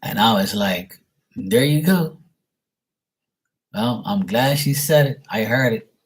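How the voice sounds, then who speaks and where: Husky man venting bluntly. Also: lowish voice, moderate pace. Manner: blunt, profane, repeats himself. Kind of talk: casual venting monologue.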